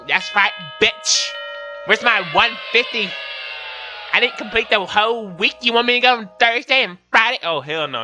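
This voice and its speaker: A young man excitably commenting on a horror game he is playing, swearing often. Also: sits high. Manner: excitable and profane. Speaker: gaming channel host. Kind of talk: gaming commentary.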